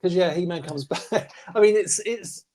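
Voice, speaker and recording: A man chatting casually as a podcast host reviewing comics, animated and quick to mimic voices. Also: high voice. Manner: animated, slips into mocking voices for quotes. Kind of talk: casual chat.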